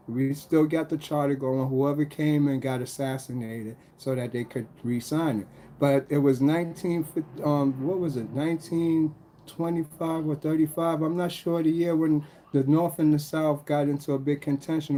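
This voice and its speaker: Mellow-voiced man rambling through an explanation. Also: fairly high pitch, a little hiss or hum. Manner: rambling, with frequent restarts and rhetorical questions. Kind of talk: casual explanatory monologue.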